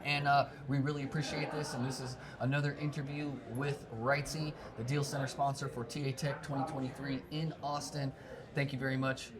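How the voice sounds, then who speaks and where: An upbeat man interviews a guest, joking and quick to laugh. His voice sits in a middle pitch. Loud crowd chatter from a busy conference fills the background. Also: little pitch movement. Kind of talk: casual convention interview. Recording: loud crowd noise at event.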